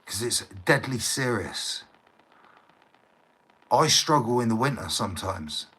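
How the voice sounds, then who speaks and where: On a live stream, a middle-aged man launches into a heated rant, swearing, repeating words and pressing listeners to agree. His medium-pitched voice is expressive, pushed and bright, slightly rough, at a measured pace. The recording is low quality.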